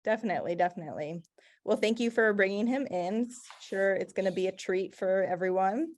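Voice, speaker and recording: A woman's voice: medium pitch, fairly quick. A woman hosting a trade podcast, asking her guests questions in an upbeat, friendly way. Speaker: podcast host. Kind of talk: interviewing guests.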